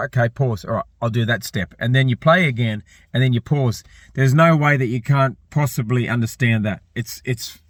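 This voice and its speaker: A man's voice: mid-range voice, a bit bright, dry recording. Australian man, car-tuning vlogger, blunt and rambling, swears a lot, dry close sound. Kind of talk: casual vlog talk while working on a car.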